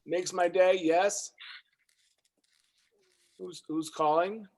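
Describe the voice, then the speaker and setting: A man's voice: sits high, fairly even intonation, extremely slow, darkish tone. A man hosting a poetry open mic on a video call, enthusiastic and encouraging, repeating himself as he speaks. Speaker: host.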